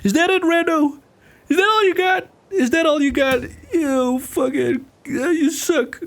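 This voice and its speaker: A man putting on a shrill mocking heckler. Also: a little slow, gravelly, full character voice. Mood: taunting. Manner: taunting, squeaky, strained.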